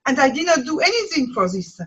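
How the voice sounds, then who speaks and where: A woman with a French accent, speaking English as a second language, telling lively stories in an interview and laughing often. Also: high voice, fairly quick, highs cut off. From France. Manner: lively anecdotes, laughs often, acts out quotes. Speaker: guest, laughter school founder. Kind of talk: animated storytelling interview.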